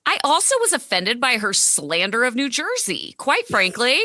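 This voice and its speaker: Woman guest, bright and animated, blunt, swears, dry close sound. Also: a little high, moderate pace, no room sound. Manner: ranting, blunt, swears freely. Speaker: podcast guest. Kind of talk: casual chat recapping reality TV.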